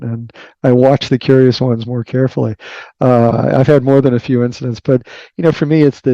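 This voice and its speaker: A man with a Boston accent speaks in a gravelly, relaxed low-key voice, pausing often with fillers and restarting his phrases. The sound is dry and slightly muffled, a lo-fi remote recording. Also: no echo. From Boston area. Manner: halting, many fillers and restarts. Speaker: guest, company CEO. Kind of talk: conversational interview answers.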